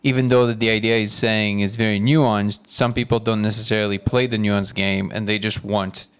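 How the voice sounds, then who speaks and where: A man's voice: on the low side, flat delivery, moderate pace, a bit bright, smooth. A man, an actor appearing as a podcast guest, thoughtfully analyzing an idea and paraphrasing it back in a conversational way. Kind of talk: casual conversation.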